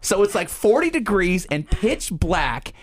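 A man's voice: high-pitched, a little slow, a little hiss or hum. A young adult man, a podcast co-host, telling a funny story in casual chat. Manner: animated storyteller, acts out voices.

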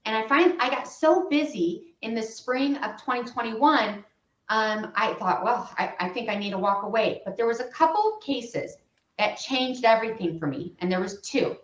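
A woman working as a patient advocate, telling a story in an interview with lively, re-enacted dialogue. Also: on the high side, moderate pace, reverberant, slight background noise, poor audio.

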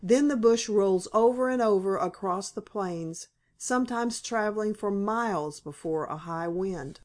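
A woman's voice: medium pitch, a little slow, a little mellow, natural voice. A woman reading the part of a cheerful pioneer father who explains things to his children in an audiobook.

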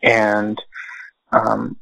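A man as an interview guest, telling a personal family story in a slow, measured way with many pauses and fillers. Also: lowish voice, completely flat delivery, creaky, bright, forceful tone, dry recording, poor audio.

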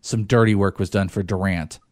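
A man's voice: sits low, fairly even intonation, a little fast, no room sound, clean studio sound. A man hosting a casual sports talk show who teases and jokes in banter. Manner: joking, teasing banter.

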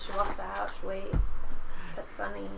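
A woman's voice: medium pitch, monotone, measured pace, vocal fry, sharp tone, slight background noise, poor audio. A woman playing in a tabletop game, chatting playfully and giggling. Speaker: player. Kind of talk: casual tabletop game chat.

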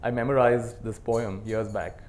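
A man giving a dharma talk to a live group as a meditation teacher, earnest, swinging between soft and emphatic, and leading call-and-response. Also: mid-range voice, fairly even intonation, measured pace. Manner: leads the audience in call-and-response.

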